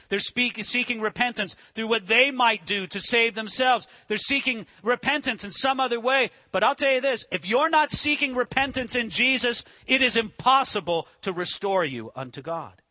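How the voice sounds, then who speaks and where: High-voiced, bright-toned preaching man. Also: animated, normal speed, few pauses, no echo. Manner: earnest, asks rhetorical questions. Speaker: pastor. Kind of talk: sermon.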